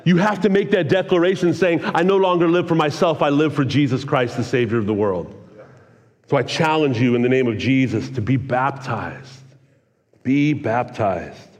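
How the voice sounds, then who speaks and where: A man in his forties preaching a sermon, telling a personal story with energetic, earnest, excitable delivery. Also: medium pitch, normal speed. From California. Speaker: pastor. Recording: long hall reverb.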